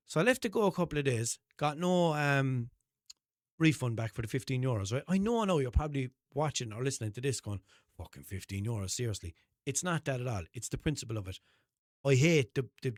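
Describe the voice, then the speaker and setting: Irish podcast host, young man, mid pitch, dry close sound, animated sweary storyteller. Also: no room sound. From Ireland. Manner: animated, swearing, acts out both sides of a phone call. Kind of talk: casual storytelling monologue.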